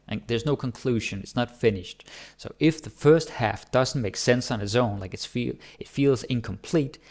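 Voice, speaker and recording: A man teaching his language in a relaxed, chatty way, often checking in with "right?". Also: medium pitch, normal speed. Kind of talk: casual explanatory lesson.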